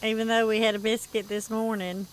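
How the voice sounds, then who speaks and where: Middle-aged woman, stream host, chatty and quick to laugh at herself; higher voice. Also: little pitch movement, slight background noise. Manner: laughs often, chatty, self-mocking. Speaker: livestream gaming host. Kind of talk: casual storytelling chat with viewers.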